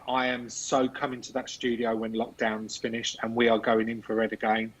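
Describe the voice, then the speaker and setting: A man leads a live spirit-calling session, repeating his earnest pleas again and again. His voice sits at a middling pitch. It arrives dull and lo-fi, as if over a video call. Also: husky. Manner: earnest, repetitive pleading invocations. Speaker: psychic medium.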